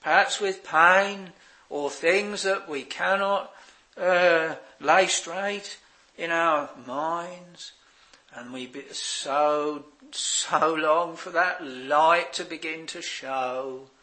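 A man preaching a sermon, slow and halting with many fillers, swelling on exclamations and fading very soft at phrase ends. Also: a little high, low-quality recording.

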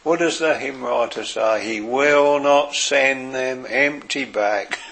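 Slow, gravelly-voiced male preacher. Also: mid-range voice. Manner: slow, earnest preaching with soft, quiet quoted phrases. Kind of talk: sermon.

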